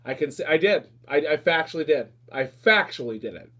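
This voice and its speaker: A man with a fairly high voice rants emphatically on his own podcast. He talks casually, circles back and repeats his points again and again. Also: animated, sharp tone. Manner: emphatic, repetitive, fast rants. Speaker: podcast host. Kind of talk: casual ranting talk.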